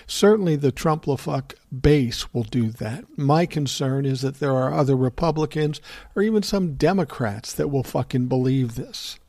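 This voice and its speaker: A man's voice: mid-range voice, lively intonation, normal speed, darkish tone, no echo, clean studio sound. An older man hosting a podcast, giving solo political commentary in a heated, profane rant. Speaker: podcast host.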